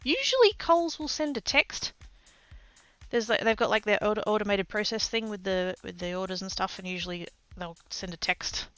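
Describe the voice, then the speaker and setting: A woman's voice: medium pitch, lively intonation, normal speed, a bit bright, soft background music. An Australian woman livestreaming, telling a story in rambling casual chat, swearing freely and poking fun at herself.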